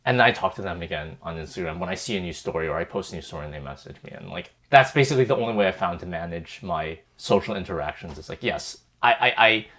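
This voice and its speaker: A man's voice: deep voice, animated, fast talker, hardly any pauses, fairly bright tone. A young man co-hosting a podcast, talking casually and rambling with many fillers and restarts. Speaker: podcast co-host. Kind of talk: casual group chat.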